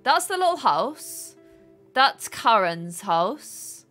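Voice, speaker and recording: A woman's voice: a little high, big pitch swings, slow pace, fairly bright tone, soft background music. A young woman giggling and thinking aloud as she plays a story game, thanking her viewers along the way. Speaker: gaming streamer. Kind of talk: let's play commentary.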